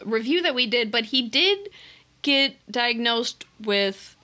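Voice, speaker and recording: A young adult woman co-hosting a casual movie review podcast, chatty and quick to laugh, swearing now and then. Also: on the high side, lively intonation, bright, forceful tone. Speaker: podcast co-host.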